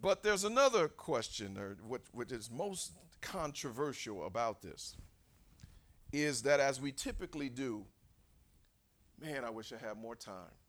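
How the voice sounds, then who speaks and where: A man preacher delivering a sermon, animated and quizzing his congregation with direct questions. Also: mid-range voice, unhurried.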